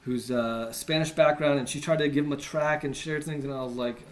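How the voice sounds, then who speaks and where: A man's voice: a little high, fairly even intonation, brisk. A man from the United States giving a conversational teaching talk, earnest with self-deprecating asides. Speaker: teacher on evangelism.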